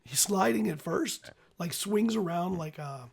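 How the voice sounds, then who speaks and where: A man running a tabletop game over a call, his slightly high voice gravelly and husky. He narrates scenes loosely, stopping and restarting as he thinks. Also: expressive, measured pace. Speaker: game master.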